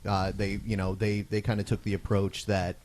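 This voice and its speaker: Lower-voiced opinionated podcast man. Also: monotone, moderate pace, a little mellow, a little hiss or hum. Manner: opinionated, ranting. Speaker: podcast co-host. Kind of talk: casual ranting chat.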